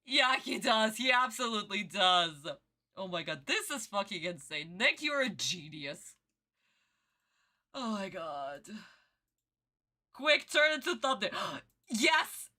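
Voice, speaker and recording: A woman's voice: mid-range voice, very animated, slow, long pauses, sharp tone. A woman streamer reacting live to a cartoon, gushing at her chat with pet names and laughing often.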